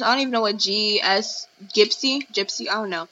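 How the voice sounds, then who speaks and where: A woman's voice: fairly high pitch, a little fast, few pauses, bright, forceful tone. A young woman hosting a casual podcast, rambling with many restarts and fillers, recorded at home. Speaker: podcast host. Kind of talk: casual commentary. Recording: dull lo-fi audio with faint noise.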